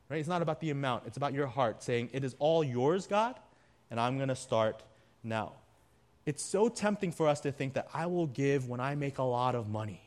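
A male pastor delivering a sermon with a voice pitched a little above the usual. He speaks earnestly, pressing his points and then dropping softly for emphasis. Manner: earnest preaching, drops to quiet emphasis.

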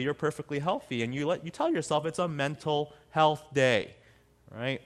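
High-voiced man preaching conversationally. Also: a bit bright. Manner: conversational, acts out quotes in other voices. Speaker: pastor. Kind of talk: sermon.

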